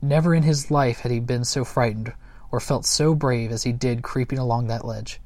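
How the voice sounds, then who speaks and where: A man reading a children's book aloud in a gentle, unhurried way, with small slips and chuckles. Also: medium pitch, no room sound. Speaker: storyteller.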